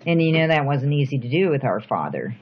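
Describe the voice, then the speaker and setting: A middle-aged woman speaking softly and reflectively in a personal interview, with thoughtful pauses. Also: rumbling low, sing-song, a little hiss or hum. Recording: dull lo-fi recording.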